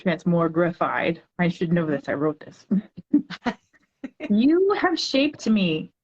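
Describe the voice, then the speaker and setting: A woman guest on a podcast, talking earnestly and reading her own poems aloud slowly and deliberately. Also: on the low side, huge pitch swings, darkish tone, dull audio.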